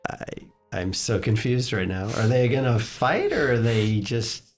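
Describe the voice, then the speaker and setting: Slow-talking, puzzled man at the game table. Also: medium pitch, animated, faint music behind. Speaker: player. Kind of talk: casual tabletop play.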